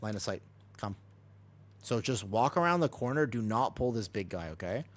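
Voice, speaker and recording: Man, game streamer, casual running commentary, lively up-and-down voice, low-ish pitch, home streaming room. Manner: talks fast over gameplay, jumps between coaching and chatting. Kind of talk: live gameplay commentary and chat.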